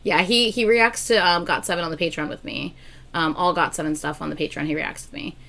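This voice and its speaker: A woman's voice: fairly low pitch, a little fast, creaky. A young woman hosting a casual livestream, chatting to viewers and telling stories with a lot of laughter. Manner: chatty and animated, bursts into loud laughter. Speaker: livestream host.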